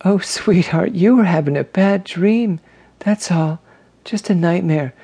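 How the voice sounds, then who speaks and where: A male narrator puts on a fretful, caring sister in this storybook reading. She speaks soothingly, pitched noticeably higher than his own voice. The delivery is slow and gentle. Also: gravelly, husky, full character voice. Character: anxious adult woman, a caring sister.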